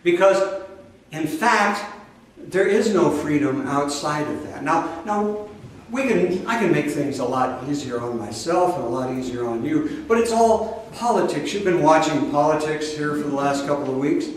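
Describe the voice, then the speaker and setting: A man's voice: fairly high pitch, expressive, normal speed, hardly any pauses, a little hiss or hum. Echoey, distant male spiritual teacher preaching. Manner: emphatic, repetitive, talks directly to listeners. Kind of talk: sermon to a live audience.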